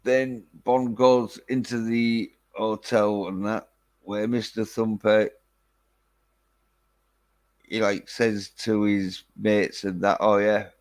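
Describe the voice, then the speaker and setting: Slow, rambling low-voiced man. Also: level tone. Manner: rambling, filler-heavy, swears casually. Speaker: film reviewer. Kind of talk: casual chat.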